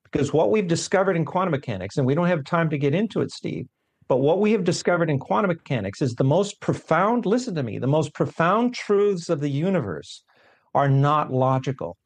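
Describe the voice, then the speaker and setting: A man, a guest scientist, tells his life story in an animated, self-deprecating, emphatic way. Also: on the high side, a little fast, breathy edge. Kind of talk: conversational storytelling.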